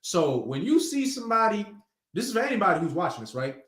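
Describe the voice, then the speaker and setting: Male preacher, conversational slangy delivery, animated, echoey room. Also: high voice, quick pace. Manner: casual street slang, conversational. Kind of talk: sermon teaching.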